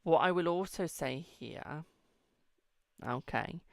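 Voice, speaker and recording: Chatty British man with a gravelly voice. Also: a little high, slow pace, no echo, clean studio sound. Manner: chatty, affectionate, calls viewers darling and boo. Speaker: tarot reader hosting a live stream. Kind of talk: live-stream tarot reading.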